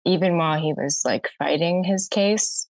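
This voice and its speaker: Woman in her thirties, nervous caller, hesitant with many ums, low voice, dry sound. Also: moderate pace, no echo, poor audio. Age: 30s.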